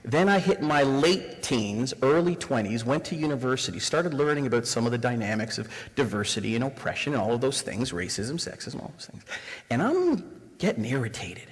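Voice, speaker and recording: A man's voice: medium pitch, big pitch swings, fairly quick. A Canadian man in his forties giving a live diversity workshop, engaging the audience with rhetorical questions. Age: 40s. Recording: reverberant room sound.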